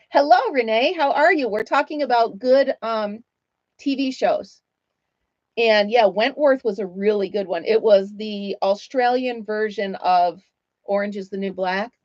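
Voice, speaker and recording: A woman's voice: medium pitch, a little mellow, no echo, highs cut off. A woman hosting a casual livestream from home, chatting with viewers while she crochets and laughing often. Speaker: livestream host.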